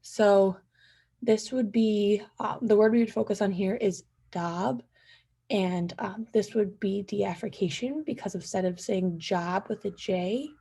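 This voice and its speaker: A woman's voice: mid-range voice, measured pace, gravelly, dark tone, breathy edge. A young woman giving a class presentation, hesitant, with frequent ums and likes. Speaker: student presenter.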